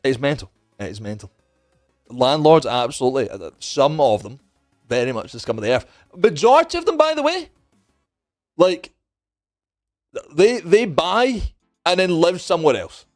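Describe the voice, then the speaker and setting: A young man with a fairly high voice tells a story in loose, casual chat. He is animated and profane, and he keeps slipping into other people's lines. Faint music plays behind him. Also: moderate pace, pauses often. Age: young adult. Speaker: streamer.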